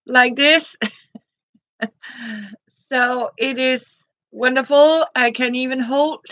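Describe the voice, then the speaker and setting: Woman on a live stream, really slow and bright, kinda dull lo-fi sound, greets people by name. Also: high voice, dry recording. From Denmark. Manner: greets viewers by name between thoughts, gentle, frequent soft laughs. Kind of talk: casual live-stream chat.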